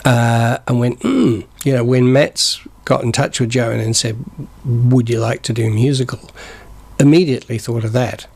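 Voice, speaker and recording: At a moderate pace and in a level, slightly mellow mid-range voice, a man in his sixties talks casually as a studio guest on community television. Born in northern England and brought up in New Zealand, he speaks with a Kiwi accent tinged with northern English, rambling and cracking jokes.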